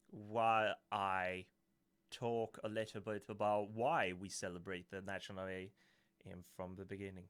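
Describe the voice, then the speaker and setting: Swedish-accented male streamer, lowish voice, chatty and playful, often correcting himself. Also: fairly bright tone. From Sweden. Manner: rambling, self-correcting, playful. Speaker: livestream host. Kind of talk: casual live Q&A chat.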